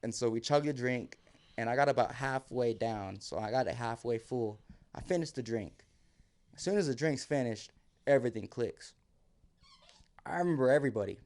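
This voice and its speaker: A man's voice: medium pitch, normal speed, a little mellow. Man, podcast guest, loose storyteller who swears and plays out each quote. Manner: vivid, swearing, re-enacts quotes. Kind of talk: casual storytelling.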